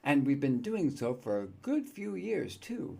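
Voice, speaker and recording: A man's voice: mid-range voice, big pitch swings, measured pace, vocal fry, dark tone, heavily acted. A man reading as a chatty young woman adventurer. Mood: playful.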